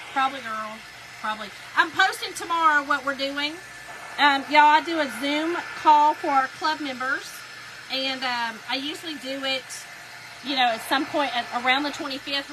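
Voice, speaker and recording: Lady chatting while she crafts, high voice, hair dryer going loud behind her. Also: noisy background. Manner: chatty, folksy, talks to viewers as y'all. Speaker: crafting livestream host. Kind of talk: casual chat while crafting on a livestream.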